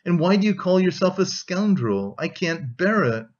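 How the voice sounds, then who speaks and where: A man's voice: high-pitched, sing-song, normal speed, lo-fi sound, pitched above the performer's own voice. A man reading an audiobook, voicing an anxious, mournful middle-aged mother. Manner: mournful, pleading.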